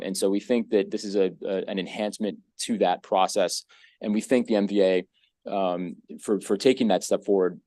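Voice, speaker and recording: Bill sponsor, low voice, quick and halting, dry mic. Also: male voice, darkish tone, dry recording. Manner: quick, with many fillers and restarts. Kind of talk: committee testimony. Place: hearing room. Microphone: desk microphone.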